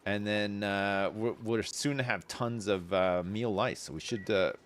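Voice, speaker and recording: Low-voiced man rambling through a game. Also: slight background noise. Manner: rambling, thinks aloud with frequent fillers and quick excited reactions. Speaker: game streamer. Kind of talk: casual gameplay commentary.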